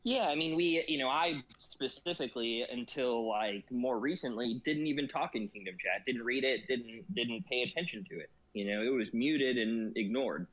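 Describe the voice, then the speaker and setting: A man's voice: mid-range voice, normal speed, few pauses, a bit bright. A man talking as a guest in a casual discussion, rambling and filling every phrase with "you know". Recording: slightly dull lo-fi audio.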